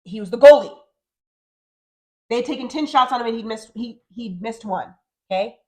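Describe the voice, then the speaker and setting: Animated woman co-host, fairly high voice. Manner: animated, talks fast and acts out quotes. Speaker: podcast co-host. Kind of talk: casual chat.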